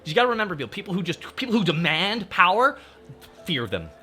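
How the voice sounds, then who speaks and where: Male VTuber host, bright and animated delivery, fired-up profane rant to his chat. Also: sits high, quick pace, soft background music. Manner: ranting, profane, talks straight to chat. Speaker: VTuber streamer. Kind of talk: casual livestream chat.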